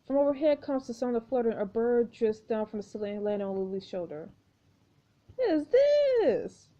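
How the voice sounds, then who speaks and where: A woman reading a mobile story game aloud for a walkthrough, in steady, hushed narration. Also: on the high side, quick pace, muffled recording.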